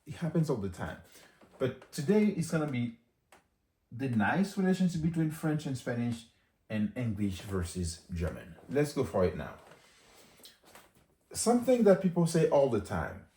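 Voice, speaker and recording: A man giving a casual language lesson, chatty, saying phrases again slowly for learners. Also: medium pitch, huge pitch swings, warm tone, reverberant. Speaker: language teacher.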